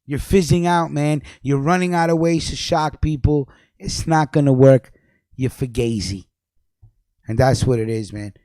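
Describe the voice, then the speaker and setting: A man ranting angrily on a livestream, cursing a lot, repeating himself, and jumping between low mutters and loud outbursts. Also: a little slow, dry recording, clean studio sound. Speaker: livestream host. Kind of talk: profane ranting commentary.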